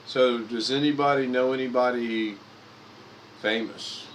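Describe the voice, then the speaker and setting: A man's voice: medium pitch, fairly even intonation, unhurried, slight background noise, poor audio. A man in his fifties from Indiana, livestreaming and telling rambling personal stories with frequent restarts and self-corrections. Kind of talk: casual storytelling monologue.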